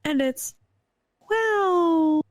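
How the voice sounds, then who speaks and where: A woman's voice: extremely high pitch, expressive, extremely slow, dry recording. A young woman co-hosting a casual podcast, sarcastic and swearing freely. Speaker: podcast co-host. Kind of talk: casual chat.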